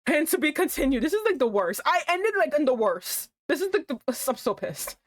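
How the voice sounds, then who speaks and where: Animated young woman streamer, lively pitch. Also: a little fast, dry recording. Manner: animated, swings into high exclaims. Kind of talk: casual gameplay commentary.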